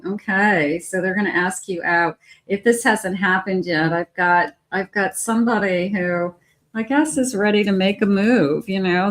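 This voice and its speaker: Woman tarot reader, casual and chatty, muses aloud between cards. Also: mid-range voice. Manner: chatty, thinks aloud while reading cards.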